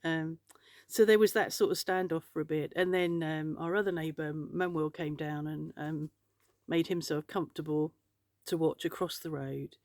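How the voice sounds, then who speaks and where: A woman's voice: deep voice, fairly even intonation, normal speed, a little mellow, no room sound, studio quality. A woman vlogging from home, rambling and outspoken, swearing freely. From England. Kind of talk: casual chat to camera. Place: home in France.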